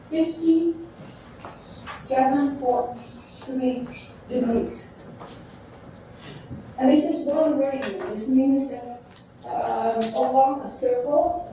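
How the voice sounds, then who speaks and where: A woman teacher giving a classroom lecture, thinking aloud in halting phrases while she draws on a board. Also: high voice, dark tone, slight background noise. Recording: echoey dull room sound from far off.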